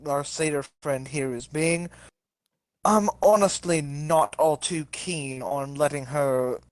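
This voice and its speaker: A man's voice: fairly high pitch, slow, dry recording. A man playing a tabletop game, reasoning at length and cutting in. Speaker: player.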